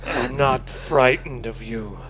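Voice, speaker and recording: A man's voice: medium pitch, slow pace, music in the background. A man playing his character in a tabletop game, speaking plainly and earnestly. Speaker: player voicing his character. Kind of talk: in-character role-play.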